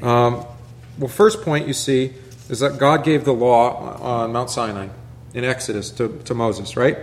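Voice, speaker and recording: Pastor guy leading a bible study, mid-pitched voice, loose chatty asides, little bit of room noise. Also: animated, normal speed, echoey room. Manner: conversational, full of rhetorical questions and asides. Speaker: pastor teaching a Bible class. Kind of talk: informal Bible teaching.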